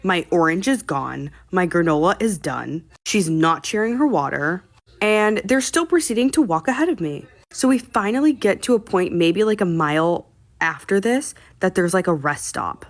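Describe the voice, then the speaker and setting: A woman with a somewhat low voice tells a personal story to her viewers in a loose, chatty way. She sounds exasperated and swears freely, and she plays up her complaints for comic drama. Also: animated, moderate pace. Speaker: storytime vlogger. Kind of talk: casual storytelling.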